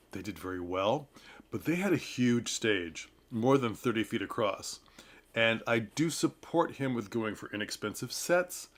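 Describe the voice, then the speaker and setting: A man talks through a stage review in an easy, chatty way, with a pitch that sits in an ordinary middle register. He laughs often, coaxes his listeners with friendly advice, and now and then slips into playful mock voices. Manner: coaxing, advice-giving tone. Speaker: theater reviewer. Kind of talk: casual talking-head commentary.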